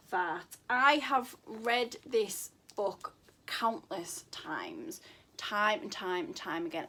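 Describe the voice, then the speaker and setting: A woman's voice: medium pitch, fairly bright tone. A woman giving casual book recommendations on her vlog, gushing and repeating words for emphasis. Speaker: book vlogger.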